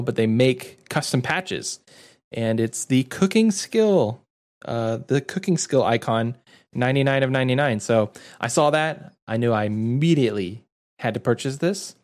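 A man co-hosts a laid-back gaming podcast, chatting easily and breaking into frequent laughs. His voice sits at a typical middle pitch for a man. He keeps a relaxed, conversational tone. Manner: easygoing, laughs often. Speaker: podcast co-host. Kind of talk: casual gaming podcast chat.

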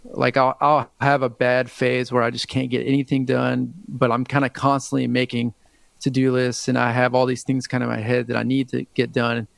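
A man in his thirties with a gravelly, creaky voice chats as an interview guest, stopping and restarting his sentences often. The recording is dry and close, with no room sound. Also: medium pitch, completely flat delivery, moderate pace, no room sound. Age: 30s. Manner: hesitant, rambling, many restarts. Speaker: musician guest. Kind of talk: casual interview chat.

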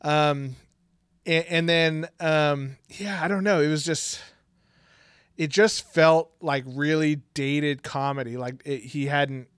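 A man's voice: fairly high pitch, fairly even intonation, slow pace, fairly bright tone, smooth, no echo. A man co-hosting a casual podcast, rambling with lots of fillers and frequent laughs. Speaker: podcast co-host. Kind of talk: casual chat.

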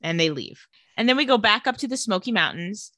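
Brief: young woman podcast co-host, casual recap voice, bright and forward, dry close mic. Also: medium pitch, expressive, brisk, no echo. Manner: chatty storytelling.

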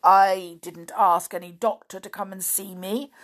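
A woman's voice: mid-range voice, huge pitch swings, slow, a bit bright, voice pushed up, exaggerated voice. A woman voicing a vain, self-pitying young male bunny who talks in a whiny, fretful way.

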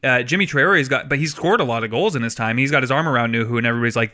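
Male podcast co-host, mid-pitched and bright, chatty and laughing often. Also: rapid-fire. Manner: rambling, laughs often, many fillers. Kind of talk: casual sports podcast chat.

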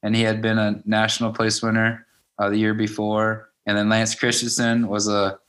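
A man in his fifties, a high school wrestling coach, telling stories in a casual interview and acting out the dialogue. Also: monotone, moderate pace, fairly bright tone. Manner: anecdotal, acts out quoted dialogue with "I'm like".

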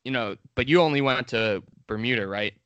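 A man's voice: mid-range voice, a little fast, a bit bright, clear, resonant tone, no echo, dull audio. A man from Long Island co-hosting a podcast, chatting eagerly and rambling with many restarts. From Long Island, New York. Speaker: podcast co-host. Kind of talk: casual podcast chat.

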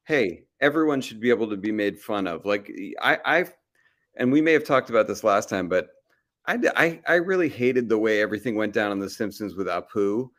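Speaking a little fast, this comedy TV writer has a lowish, expressive voice with a fairly bright tone. He's a guest on a podcast recorded live at a restaurant, talking casually but thoughtfully. He hedges often and slips into character when quoting others.

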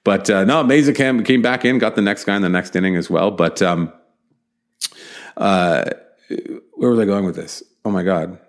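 Deep-voiced male podcast host, rambling casual sports talk. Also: moderate pace. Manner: rambling, restarts, many fillers.

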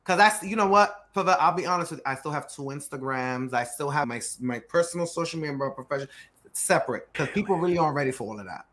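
A man who runs a growth firm for startups, telling stories on a podcast with lively energy, acting out quotes and hammering key words through repetition. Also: fairly high pitch, quick pace. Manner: animated storyteller acting out quotes; emphatic, repeats key words. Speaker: startup growth CEO guest. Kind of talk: podcast interview conversation.

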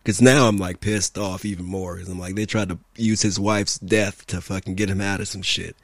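Podcast co-host, man, low voice, dry close sound, swears constantly, tells animated stories. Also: moderate pace, few pauses, no room sound. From California. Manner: profane, animated storyteller who acts out quotes. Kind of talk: casual storytelling chat.

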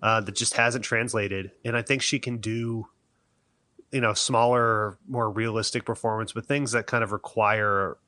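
A man co-hosts a casual film-review chat, restarting his sentences and cracking jokes. His voice is lowish and forceful, recorded dry and close. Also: fairly even intonation, a little slow, no room sound. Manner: rambling, joking, many restarts. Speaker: podcast co-host.

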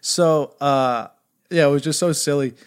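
A man telling a story on a podcast as a guest, animated, laughing often and swearing. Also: fairly high pitch, measured pace, clean tone. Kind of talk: casual storytelling.

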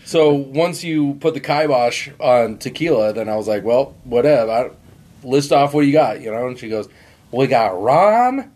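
Male podcast co-host, mid-pitched, easygoing, quick to agree and laugh. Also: animated, a little mellow. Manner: laughs along, chimes in with short agreement. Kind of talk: casual chat.

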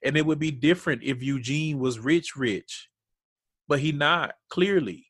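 A man's voice: a little high, moderate pace, fairly bright tone, dry recording. Blunt profane man in dry recap chat. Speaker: podcast co-host. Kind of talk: casual reality-TV recap chat.

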